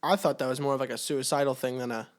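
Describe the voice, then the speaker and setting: A man's voice: mid-range voice, steady tone. Teasing man in casual chat. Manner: teasing, quick jokes. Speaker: podcast co-host.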